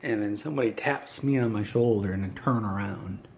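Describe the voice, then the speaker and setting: A man's voice: lowish voice, a little fast, a little hiss or hum. A man doing an in-character comedy monologue, ranting in an indignant, whiny, self-important way.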